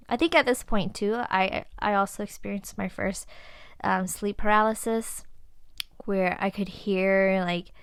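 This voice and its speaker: A woman's voice: medium pitch, gravelly, smooth, dry recording. A young adult woman hosting a podcast, telling a personal story in a casual way and acting out what people said. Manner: animated retelling, acting out her own quotes. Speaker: podcast host.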